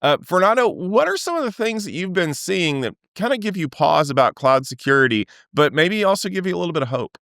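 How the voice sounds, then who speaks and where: A man's voice: high-pitched, brisk, creaky, hardly any pauses, dry recording, clean studio sound. Resonant man hosting a casual podcast. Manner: relaxed, joking, with stumbles and repeated words. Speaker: podcast host. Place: hotel room.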